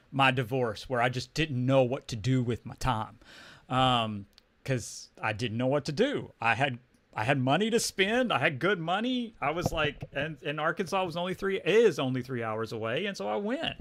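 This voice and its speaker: A man's voice: medium pitch, animated, moderate pace, a bit bright, no room sound. A man from Texas with a Texan accent, telling a personal story on a livestream in a casual, rambling way, full of restarts and fillers. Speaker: comics livestream host.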